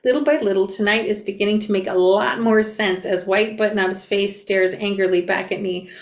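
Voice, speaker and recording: Expressive young woman reading a memoir aloud. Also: medium pitch, brisk. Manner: expressive, flustered re-enactment of the narrator. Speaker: reader and reaction creator. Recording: echoey room.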